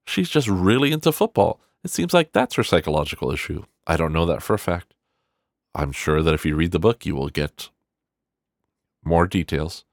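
A man's voice: deep voice, normal speed, vocal fry, no echo, clean studio sound. A man giving a casual, rambling film review, swearing freely and acting out characters' lines as he goes. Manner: rambling, profane, animated quoting of characters.

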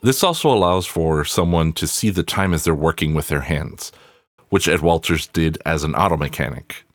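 A man with an extremely low, bass-heavy voice talks through a movie on his podcast, casual and profane. He drifts into wry, rambling asides before circling back. The sound is dry and close, with no room in it. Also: normal speed, no echo. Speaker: podcast host. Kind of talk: casual solo movie review.

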